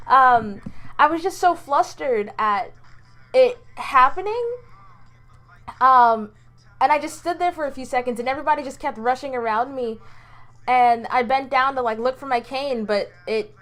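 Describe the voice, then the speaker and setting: A woman's voice: sits high, a bit bright. A college-aged woman telling stories from her day in a casual vlog, rambling with lots of ums, restarts and little laughs. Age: about 20, college student. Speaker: vlogger.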